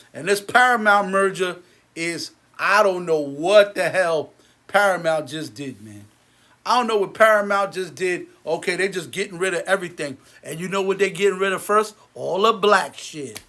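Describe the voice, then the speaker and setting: A man with a rather high voice rants to camera, heated and bitter. He repeats himself and restarts his lines, then lets his voice drop low and quiet in tired stretches. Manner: repetitive, many restarts. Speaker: movie theater owner. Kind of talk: angry rant to camera.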